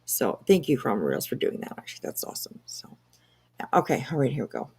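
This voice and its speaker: A woman's voice: very deep voice, huge pitch swings, fast, creaky, darkish tone, breathy edge. A woman hosting a casual commentary stream, chatty and swearing freely, with many fillers.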